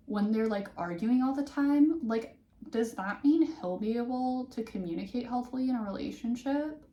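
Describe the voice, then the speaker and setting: A woman's voice: fairly high pitch, expressive, normal speed, warm tone, a little hiss or hum. A young woman reading a teen novel aloud and breaking off for wry, sarcastic asides. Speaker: book reader and commentator. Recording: roomy echo.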